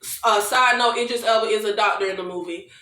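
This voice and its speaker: A woman recapping a movie in a lively, chatty way, talking straight to her viewers and laughing often. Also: medium pitch, fast talker, echoey room. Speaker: movie reviewer.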